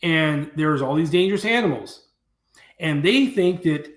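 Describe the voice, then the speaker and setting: A man telling a story as a guest in an interview, animated and acting out what people said. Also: fairly high pitch, measured pace. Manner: animated storyteller who acts out quoted speech. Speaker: guest, dangerous game hunter. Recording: roomy echo.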